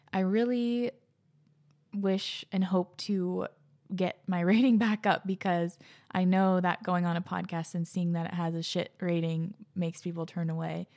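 This podcast host is a young woman with a fairly low, vocal-fried voice. Breathless and bubbly, she uses plenty of slang, frequently drops to soft near-whispers, and reads out letters from listeners.

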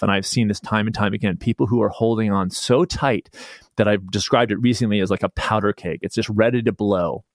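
A man talking as a guest author in a casual podcast conversation, telling stories with lively restarts. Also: on the low side, dry recording, clean studio sound. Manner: animated storyteller, rambling restarts.

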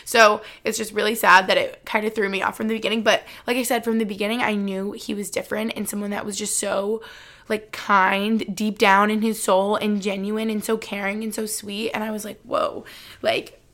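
A woman's voice: medium pitch, fairly bright tone. Twenty-something girl vlogging, chatty storytime to her viewers, says like a lot, normal mid voice. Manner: chatty, heavy use of "like", speaks straight to viewers. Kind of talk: casual storytime chat to viewers.

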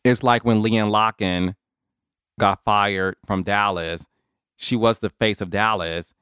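Male podcast host, conversational and animated, clear resonant voice, mid pitch, dry close sound. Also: slow pace, dry recording. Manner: chatty, animated, addresses listeners as y'all. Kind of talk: casual solo commentary.

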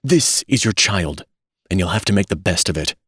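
A man voicing a stern, prim hospital nurse who speaks briskly and severely. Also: sits low, expressive, sharp tone, breathy edge, no room sound, studio quality, exaggerated voice.

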